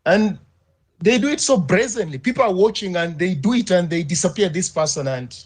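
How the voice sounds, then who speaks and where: Guy on a panel, high husky voice, keeps hammering rhetorical questions. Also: expressive, brisk. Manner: forceful, repeats rhetorical questions. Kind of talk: impassioned debate argument.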